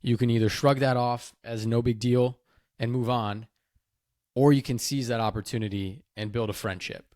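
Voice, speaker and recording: A man hosting a podcast, telling a story in an animated, enthusiastic way. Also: mid-range voice, normal speed, no room sound, studio quality. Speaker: podcast host. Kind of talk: casual podcast chat.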